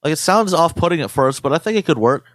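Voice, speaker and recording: A man's voice: a little high, quick pace, no echo, clean studio sound. A man co-hosting a podcast in casual chat, swearing freely and putting on movie voices as he tells stories. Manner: profane, animated storyteller who imitates movie voices. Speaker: podcast co-host.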